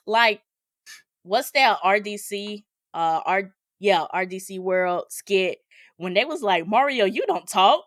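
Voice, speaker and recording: A woman's voice: medium pitch, expressive, slow, a bit bright, dry recording, studio quality. A woman co-hosting a podcast, chatting casually about movie trailers, laughing often and filling her talk with "like". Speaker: podcast co-host.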